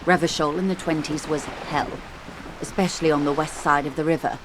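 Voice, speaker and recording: A woman's voice: sits low, fairly even intonation, brisk, close to an everyday voice. An actress voicing an erudite woman in a video game who lectures a detective in an eloquent, wry manner, in game audio with background noise.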